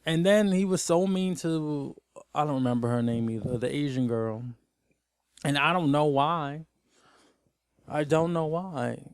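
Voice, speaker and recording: A man's voice: medium pitch, darkish tone, clear, resonant tone, dry recording, clean studio sound. A man giving a casual, rambling TV episode recap as host, sounding exasperated throughout.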